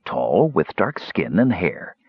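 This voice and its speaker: A man voicing a cool, guarded male mage who speaks in clipped, measured replies in an audiobook. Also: low voice, big pitch swings, breathy edge, no room sound, highs cut off, full character voice.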